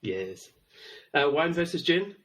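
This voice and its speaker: A man's voice: on the high side, big pitch swings, a bit bright. A man with a mixed, posh-sounding English accent, co-hosting a casual chat and joking often. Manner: playful, quick to joke and laugh. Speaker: podcast co-host.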